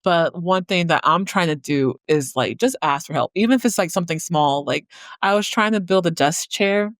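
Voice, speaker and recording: Chatting loosely on a podcast, this female host shares a personal story, often saying "like" and laughing easily. She has a lowish voice at a moderate pace, captured close and dry without room sound.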